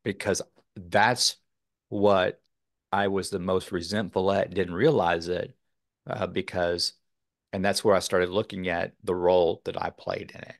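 A man's voice: low voice, flat delivery, a little slow, gravelly, dry recording, clean studio sound. A man from Texas, a podcast guest, talking earnestly in a rambling way with many fillers. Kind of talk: casual interview talk.

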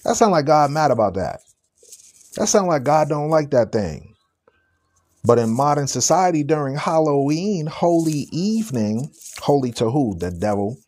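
A man hosting a live stream of religious commentary. He speaks emphatically and sarcastically, repeats rhetorical questions, and reads scripture slowly. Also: fairly high pitch, sing-song, darkish tone.

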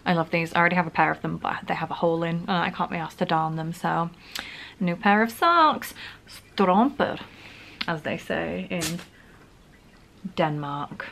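A young woman with a Northern English accent talks through her presents in a chatty, gushing way with little laughs. Her voice sits on the low side, recorded on a camera at home with faint noise behind it. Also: moderate pace, gravelly, long pauses, a bit bright. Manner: chatty and gushing, giggly asides. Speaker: vlogger. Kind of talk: casual haul vlog. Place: home room. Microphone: camera on a stand.

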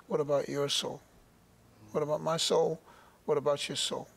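A middle-aged man shares his faith story in a church interview. His voice sits a little high and has a gravelly edge. He speaks earnestly and haltingly, often doubling back on his words. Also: little pitch movement. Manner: earnest, halting, repeats words while searching.

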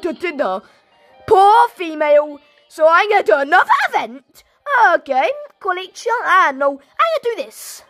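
Very high-pitched, excitable gamer girl. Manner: goofy, excitable, shouty outbursts. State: sore throat. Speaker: gaming video creator. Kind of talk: playful gameplay commentary.

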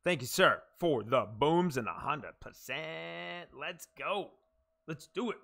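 A man streaming a game live, cheering on viewers with chanted catchphrases and muttering low asides in between. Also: animated, unhurried, gravelly, sharp tone.

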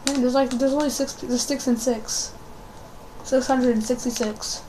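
A woman with a high voice chats loosely over an online shooter match, rambling from one thought to the next and cursing whenever the game goes wrong. There is a faint noise floor and the clack of keys under her talk. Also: normal speed. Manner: swears often, rambling and excitable. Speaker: gaming video creator. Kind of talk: casual gameplay commentary.

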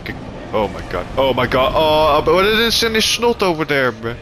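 A man giving profane gameplay commentary, taunting enemies and shouting in frustration. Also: a little high, sing-song, moderate pace, background noise. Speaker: gaming YouTuber.

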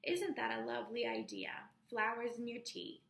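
In a storybook read aloud, a kindly, curious woman hostess exclaims over her guest's gift with bright, polite insistence, as a woman reader puts her on. Her voice is strongly gravelly with a crisp, bright edge. The room around her rings with echo. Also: a little high, animated, normal speed, full character voice. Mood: gracious.

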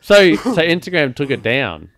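A man's voice: a little high, very animated, moderate pace, crowd noise. A man in casual podcast chat, chiming in with short exclamations and swearing. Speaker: podcast co-host.

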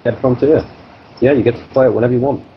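A man's voice: medium pitch, fairly even intonation, quick pace. A young man co-hosting a gaming video, laid-back and teasing. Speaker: gamer co-host. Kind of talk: casual gaming chat. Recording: dull lo-fi with faint noise.

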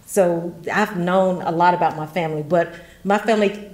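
A woman's voice: lowish voice, fairly even intonation, moderate pace, darkish tone. A middle-aged woman from West Tennessee, giving a chatty genealogy workshop talk with folksy asides and frequent laughter. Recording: roomy echo.

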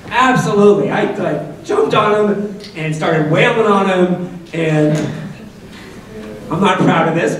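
A middle-aged man speaks to a school assembly, telling a personal story in a chatty way and putting questions to the crowd. His slightly higher voice bounces around a big, very echoey hall. He is picked up from well off the mic, with faint ambience behind him. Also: recorded from a distance. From Massachusetts, USA. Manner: conversational, asks audience questions, jokey asides.

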